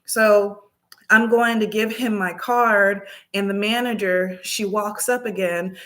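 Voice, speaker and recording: A woman vlogger telling a story casually, acting out the dialogue with lively energy. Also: medium pitch, takes it slowly. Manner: animated, acts out dialogue.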